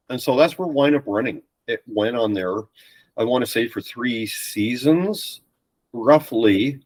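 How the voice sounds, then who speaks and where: A man chatting casually as a podcast guest, spinning animated anecdotes. His voice sits in a middle register. He slips into quoted voices as he goes. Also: medium pitch, unhurried, poor audio. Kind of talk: casual storytelling chat.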